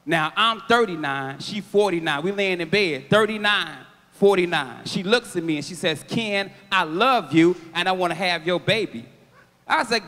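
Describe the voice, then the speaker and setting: Guy in his 30s doing standup, real high bright voice, big theater reverb. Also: normal speed. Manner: loud, animated, shouting punchlines. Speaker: stand-up comedian. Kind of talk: stand-up comedy set. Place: large theater stage.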